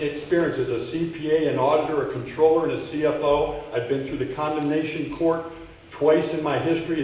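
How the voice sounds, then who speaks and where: A man's voice: a little high, highs cut off, a little hiss or hum. A man speaking off the cuff during public comment at a city council meeting, emotional and indignant. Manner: off-the-cuff, heated, grows loud and indignant. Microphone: podium microphone. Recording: echoey council chamber from far off.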